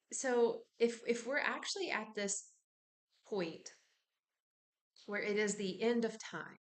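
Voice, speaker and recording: A woman who works as a spiritual practitioner, talking casually and meanderingly about spiritual ideas to her viewers, with lots of fillers and side tracks. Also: medium pitch. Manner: meandering, with many fillers and digressions. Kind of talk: casual spiritual musing to camera.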